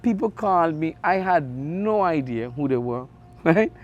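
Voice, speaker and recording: A middle-aged man with an Antiguan accent, a radio sports host telling stories in an interview, animated with big jumps in his voice. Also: a little high, measured pace, highs cut off, soft background music. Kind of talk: conversational interview storytelling.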